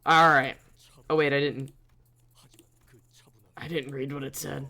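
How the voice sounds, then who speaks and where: A streamer giving live gameplay commentary, giddy and laughing constantly, with excited exclamations. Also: medium pitch, takes it slowly, long pauses.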